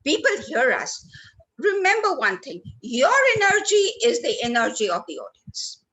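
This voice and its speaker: A woman's voice: sits high, big pitch swings, normal speed, a bit bright, poor audio. A woman leading a training workshop, stressing words for effect and speaking to listeners by name. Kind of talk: lively training talk. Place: lecture hall.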